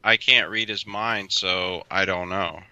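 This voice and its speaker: A man co-hosting a podcast in casual chat, hesitant and musing as he thinks out loud. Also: sits low, fairly even intonation, a little slow, clean tone, no echo, highs cut off. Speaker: podcast co-host.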